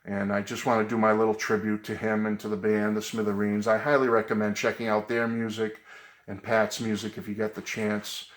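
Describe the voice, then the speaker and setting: A man's voice: lowish voice, little pitch movement, a little fast, roomy sound. A middle-aged man talking casually and earnestly to his viewers from his music room at home. He rambles a little, with frequent ums and uhs. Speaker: vlogger. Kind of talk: casual tribute vlog.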